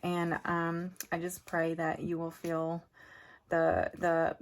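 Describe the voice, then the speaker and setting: Her lowish voice is completely flat and slow as this middle-aged woman vlogs about farm family life. She chats casually and heartfelt with viewers, drifting into emotion.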